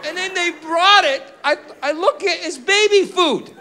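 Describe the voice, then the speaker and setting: A man doing a stand-up comedy set on a theater stage, animated and incredulous, firing punchy rhetorical questions, with audience laughter behind him. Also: very high voice, measured pace, few pauses, a little hiss or hum.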